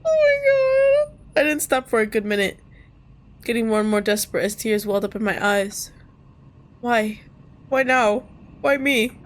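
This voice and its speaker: A woman streamer reading a visual novel aloud. She switches between calm narration and loud, laughing, cursing reactions. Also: medium pitch, moderate pace, pauses often. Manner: expressive, jumps from calm reading to squealing and laughing; casual and cursing in asides. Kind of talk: reading game text aloud with live reactions.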